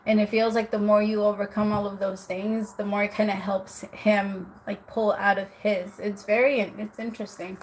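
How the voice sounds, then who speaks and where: A woman's voice: medium pitch, little pitch movement, moderate pace, few pauses, slight background noise. Chatty woman reading tarot live. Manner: chatty, frequent "like" fillers, calls viewer "my love". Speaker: tarot reader.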